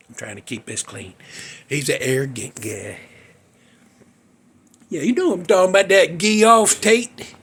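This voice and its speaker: A man's voice: fairly high pitch, expressive, moderate pace, vocal fry, a bit bright, breathy edge. A man hosting a casual music talk show, rambling, mocking himself and losing his place. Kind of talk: casual chat.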